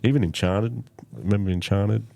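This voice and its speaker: A man's voice: on the low side, normal speed, creaky, no room sound. A man telling loose, profane stories as a podcast guest. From Australia. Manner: loose, profane storytelling with lively quoted voices. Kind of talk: casual storytelling chat.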